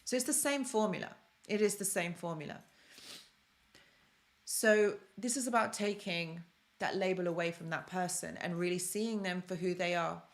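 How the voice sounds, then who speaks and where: A woman's voice: fairly low pitch, normal speed. London-born woman hosting a live stream. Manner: chatty, repeats phrases for emphasis, reads out viewer comments. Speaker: host of a self-help live stream. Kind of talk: casual live-stream coaching talk.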